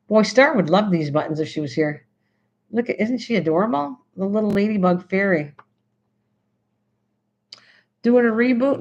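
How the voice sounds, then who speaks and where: A woman hosting a casual craft livestream, chatting excitedly and answering her chat as she goes. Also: mid-range voice, moderate pace. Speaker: livestream host. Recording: slightly dull lo-fi stream audio.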